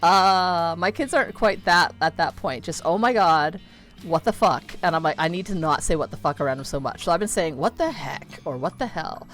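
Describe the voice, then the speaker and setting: A woman's voice: fairly low pitch, fairly quick, few pauses, fairly bright tone, soft background music. A woman in her thirties chatting casually while playing a video game, rambling with lots of fillers and easy swearing. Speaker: streamer.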